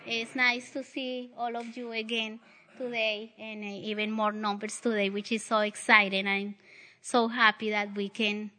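A woman with a Southern accent teaching a church congregation, speaking in a warm, halting way with many fillers and restarts, into a pulpit microphone in a church. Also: medium pitch. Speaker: guest preacher. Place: church sanctuary. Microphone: pulpit mic she adjusts.

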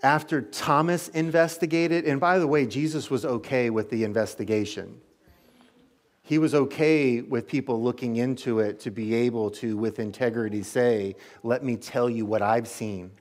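A man's voice: mid-range voice, steady tone, normal speed. A male pastor preaching a sermon and leading prayer, earnest in manner. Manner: earnest, leads a closing prayer.

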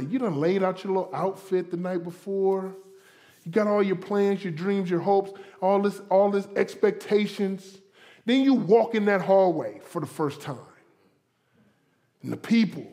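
A pastor from Florida with a high-pitched voice preaches to his congregation in a conversational, animated way. He acts out inner voices and drops playful asides.

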